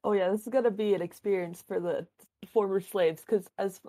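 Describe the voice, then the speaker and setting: A woman's voice: mid-range voice, steady tone, warm tone. Woman chatting at a tabletop game. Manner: quick, laughing. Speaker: player. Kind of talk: casual tabletop play.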